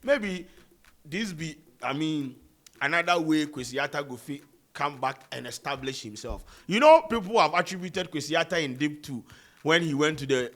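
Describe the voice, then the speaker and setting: A young man with a Ghanaian accent giving casual commentary to camera, animated and slipping into pidgin and slang. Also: mid-range voice. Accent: Ghanaian, Pidgin-inflected. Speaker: vlogger.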